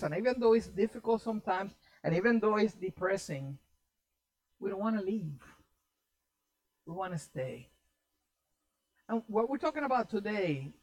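A pastor delivering a sermon to a congregation, animated and conversational. The preacher repeats key lines for emphasis and speaks at a middling pitch. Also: poor audio.

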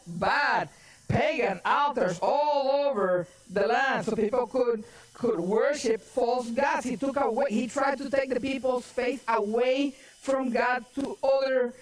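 A woman's voice: on the high side, slow. Emphatic woman pastor preaching. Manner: emphatic, often shouting for stress; casual folksy asides. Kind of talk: sermon.

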